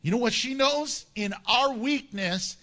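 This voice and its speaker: A male pastor preaching a sermon, animated and jokey, acting out the voices of people he quotes. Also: extremely high pitch, a little slow.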